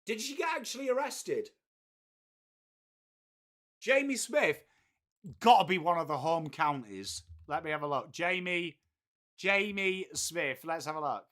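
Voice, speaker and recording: This live stream host runs a casual cricket watchalong, reading his chat aloud and swapping crude banter with viewers. He has a fairly high, slightly bright voice with big pitch swings, speaking unhurriedly and pausing often.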